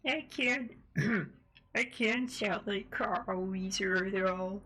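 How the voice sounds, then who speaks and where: A woman joins the stream and jokes in a quiet, sheepish way. She takes her time, speaking at an unhurried pace. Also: mid-range voice.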